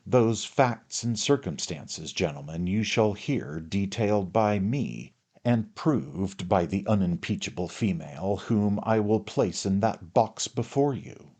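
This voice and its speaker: A man's voice: on the low side, lively intonation, measured pace, darkish tone. A man voicing a pompous, theatrical older barrister who addresses a jury in grand, oratorical speech. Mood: pompous oratory.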